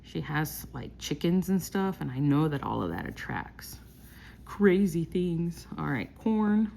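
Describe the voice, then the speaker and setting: A woman from Texas hosts a casual scratch-off vlog, calling out each symbol slowly and deliberately. Her voice sits a little low with a gravelly, fry-laden texture. Faint noise hums behind her. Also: big pitch swings, warm tone. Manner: slow, reads out symbols one by one while scratching. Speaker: lottery scratch-off vlogger.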